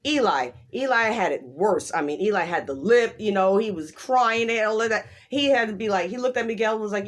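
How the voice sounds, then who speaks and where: A woman chatting casually as she recaps a show, animated and emphatic, breaking into quick quoted voices and frequent laughs. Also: mid-range voice. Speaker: show reviewer.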